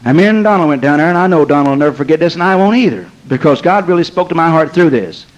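An older man preaching a sermon, telling stories in a folksy, emphatic way and drawing out key phrases slowly. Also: on the high side, expressive, lo-fi sound. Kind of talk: sermon with storytelling.

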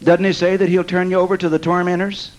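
High-voiced preacher telling a testimony. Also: male voice, fast, dull audio. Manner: peppers speech with amen and bless God; animated testimony, laughing at his own story. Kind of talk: storytelling sermon.

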